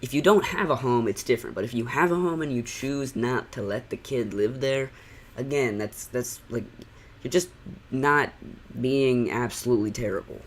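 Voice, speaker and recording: Speaking at a moderate pace in a mid-range voice, a man acts as a channel critic delivering sarcastic reaction commentary. He rambles, says "like" constantly, and picks apart what he's watching.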